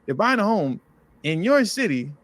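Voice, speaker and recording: A man's voice: high-pitched, big pitch swings, moderate pace, fairly bright tone. A man hosting a political commentary show, sarcastic and slangy, reading articles aloud with running asides. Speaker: host.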